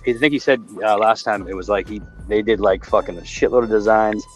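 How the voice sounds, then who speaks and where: A man's voice: on the low side, fairly even intonation, brisk, soft background music. A man hosting a casual chat, rambling and swearing in a laid-back way. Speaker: stream host. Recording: dull lo-fi stream audio.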